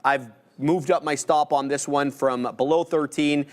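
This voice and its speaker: A man co-hosting a live trading stream, calling out prices and orders with joking, relaxed banter. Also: fairly high pitch, measured pace. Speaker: trading show co-host.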